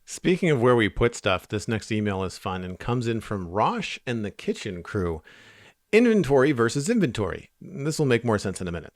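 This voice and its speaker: A man's voice: medium pitch, sing-song, normal speed, no echo, clean studio sound. A man from Canada, co-hosting a casual podcast, reading listener mail and chatting easily. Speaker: podcast co-host.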